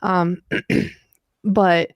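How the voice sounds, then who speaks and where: A woman's voice: fairly low pitch, level tone, drawn-out words, smooth, no room sound, studio quality. A woman co-hosting, telling her story casually and directly to viewers, with many filler words. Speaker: co-host sharing her health journey. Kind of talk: casual personal talk.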